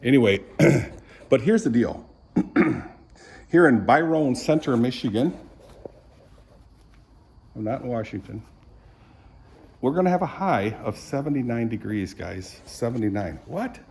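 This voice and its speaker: A man talks slowly and loosely into his camera, drifting between faith thoughts and small personal asides. He clears his throat again and again and keeps a chatty, joking tone. His pitch sits in an ordinary middle range. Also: animated, a little mellow, slight background noise, low-quality recording. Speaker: vlogger sharing faith reflections. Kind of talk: casual rambling devotional chat.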